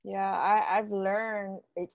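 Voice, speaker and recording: Woman, host, heavy vocal fry, lowish voice, dry close sound, thoughtful. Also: flat delivery, slow pace, no room sound, lo-fi sound. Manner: thoughtful, hesitant, many restarts. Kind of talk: reflective interview talk.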